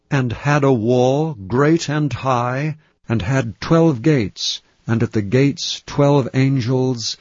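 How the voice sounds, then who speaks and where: A man reads scripture aloud in a slow, deliberate, measured way, his voice sitting at an ordinary middle pitch. The recording is dry and close, with a dull, slightly lo-fi tone. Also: a little mellow, no echo. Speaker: reader.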